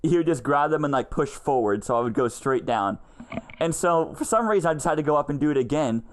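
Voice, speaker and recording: A young man co-hosting a casual podcast chat, telling animated stories and laughing often. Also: fairly high pitch, fast talker. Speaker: podcast co-host. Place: lives in Texas.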